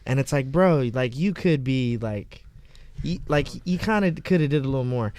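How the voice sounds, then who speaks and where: Smooth-voiced man rambling casually. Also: medium pitch, expressive, normal speed, a little mellow. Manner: rambling, joking, lots of fillers. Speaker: podcast co-host. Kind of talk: casual profane chat.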